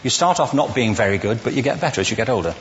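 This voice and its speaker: A man's voice: mid-range voice, expressive, rapid-fire, long reverb tail, a little hiss or hum. A man giving a witty, conversational lecture to a live audience, asking the listeners questions as he goes. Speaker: public speaker.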